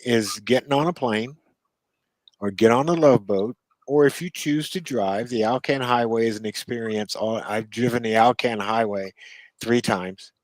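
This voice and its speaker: A man's voice: mid-range voice, no echo, poor audio. Dry-sounding man telling easygoing stories. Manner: unhurried storytelling with asides and chuckles. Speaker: co-host. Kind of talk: casual podcast chat.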